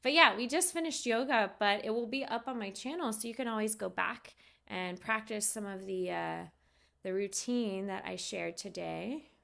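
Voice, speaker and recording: A woman's voice: medium pitch, normal speed, gravelly, sharp tone. A young adult woman, a yoga instructor, chatting casually with viewers on a live stream and answering their questions.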